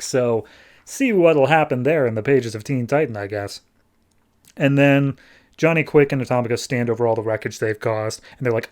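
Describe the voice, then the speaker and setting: A man's voice: mid-range voice, normal speed, a little mellow. A man hosting a podcast, recapping a comic issue in a casual, chatty, wry way. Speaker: podcast host.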